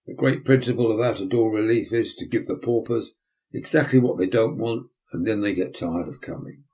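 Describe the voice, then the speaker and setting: A man's voice: fairly low pitch, normal speed, darkish tone, natural voice. A man voicing a pompous, self-important male parish beadle, blustering and indignant.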